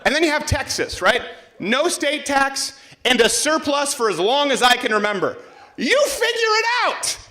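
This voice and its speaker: A man's voice: extremely high pitch, expressive, moderate pace, bright, forceful tone. A man hosting a live show, riffing to a crowd in a brash, mocking, jokey way. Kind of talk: comedic political stand-up to a crowd. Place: live event before a student audience.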